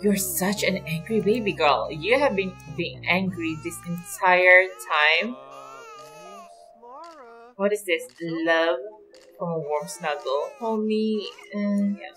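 Hosting her own gaming channel, a woman gives casual let's-play commentary in a fairly low, slow voice. She's chatty and excitable, laughs a lot, and talks straight to the characters on screen. The audio is poor, with faint music in the background.

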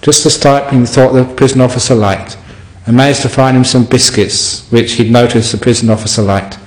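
A man's voice: medium pitch, a little fast. Man telling a teaching story in an echoey hall. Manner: storytelling, humorous, lively. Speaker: Buddhist monk teacher. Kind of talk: dharma talk answering a question.

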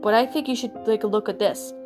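A woman reading a creepypasta aloud and voicing a frightened father bear who tries to calm his wife. Soft music plays behind her. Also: mid-range voice, fairly quick, close to an everyday voice. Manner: shaken, then soothing. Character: worried father bear trying to stay calm.

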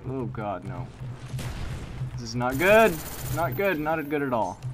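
A man giving live commentary over his own shooter gameplay, excitable and quick to exclaim and groan. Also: medium pitch. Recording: game gunfire noise behind voice. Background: video game gunfire and explosions.

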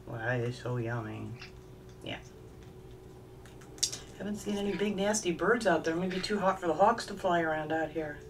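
Low-voiced woman cooing to her parrot. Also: animated, normal speed, long pauses. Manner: coos and baby-talks to her bird. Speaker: craft vlogger. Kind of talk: casual chat to pet parrot and viewers. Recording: distant mic with clear background noise.

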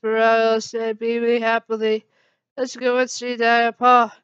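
A woman reading a fan story aloud in a halting way, with slips and restarts. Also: a little high, completely flat delivery, fairly bright tone, smooth, dry recording, muffled recording. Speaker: fan fiction reader.

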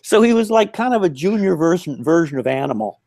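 A man's voice: fairly high pitch, fairly quick, vocal fry, dry recording. An older man, a puppeteer guest, telling anecdotes in a casual interview over a remote call. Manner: animated anecdotal storytelling with laughs. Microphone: remote call line.

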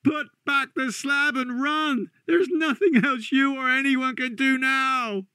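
A man's voice: very high voice, steady tone, takes it slowly, pushed and bright, clear, resonant tone, no echo, clean studio sound, pitched above the performer's own voice, exaggerated voice. A man voicing a desperate trapped man who pleads over a telephone, urgent and breathless in a dramatic audiobook reading. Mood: urgent pleading. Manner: urgent, breathless pleading that breaks into whispers and cries.

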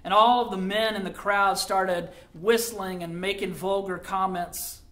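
A middle-aged man, a pastor, telling a story in a sermon, dramatic and dropping quiet for quoted lines. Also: sits high.

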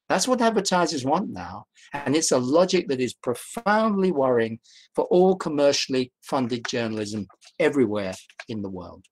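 A man giving an online academic talk as a guest professor, measured and emphatic, posing rhetorical questions to his audience over a video call. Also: medium pitch. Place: indoors at home during rain.

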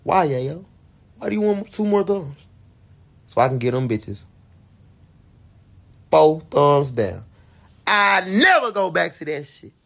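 A man, telling a profane, animated story to camera and acting out his own screams and quotes. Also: fairly high pitch, slow pace, creaky, long pauses. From Fort Worth, Texas. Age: 20s. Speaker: vlogger.

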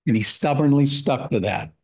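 A man's voice: medium pitch, normal speed, creaky, husky, low-quality recording. A man giving a Bible-hour sermon, earnestly reading scripture and explaining it verse by verse. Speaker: guest speaker at a Bible hour.

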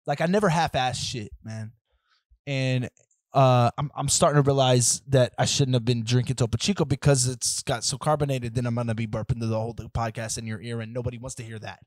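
A young man rants on his solo podcast, talking into a close, dry mic at a middle pitch. He rambles from tangent to tangent, swears freely, and leans on fillers. His voice jumps up for loud outbursts, then drops to low mutters. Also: dry recording. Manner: rambling, profane, restless, many fillers and tangents; lively, swings from loud outbursts to muttered asides. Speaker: podcast host. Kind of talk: casual solo podcast rant.

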